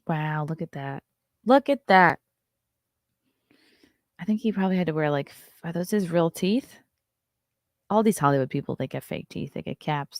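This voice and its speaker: A woman hosting a morning show, reading celebrity news aloud and breaking off for quick, wry asides. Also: sits low, no room sound, studio quality.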